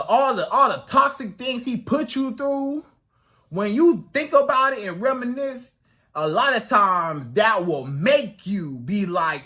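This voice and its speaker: A man's voice: high-pitched, sharp tone. A man giving dating advice straight to the audience in an emphatic, repetitive way. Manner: emphatic, repetitive, acts out quoted women's voices. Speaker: dating coach. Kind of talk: direct-to-camera advice monologue.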